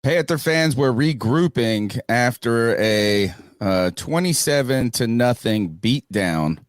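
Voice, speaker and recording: A man hosting a sports podcast in casual chat, animated and emphatic, poking fun at himself. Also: mid-range voice, slow, no room sound, clean studio sound. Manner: animated, emphatic, self-mocking. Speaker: podcast host. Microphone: video call webcam setup.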